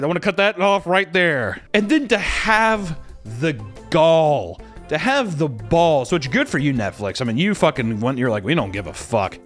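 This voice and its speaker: A man ranting casually as a commentator, profane and exasperated, mocking what he talks about. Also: mid-range voice. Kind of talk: casual rant.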